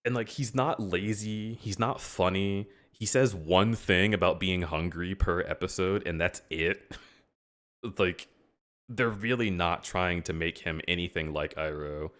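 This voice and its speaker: A man on a casual stream, talking with animated sarcasm and heavy swearing. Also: low voice, unhurried. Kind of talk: casual chat.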